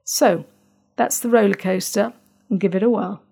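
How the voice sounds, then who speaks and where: Woman, middle-aged, gentle guided instruction, midrange voice, soft fillers and restarts. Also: medium pitch, moderate pace, vocal fry, husky. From Northern Ireland. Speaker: parenting podcast host.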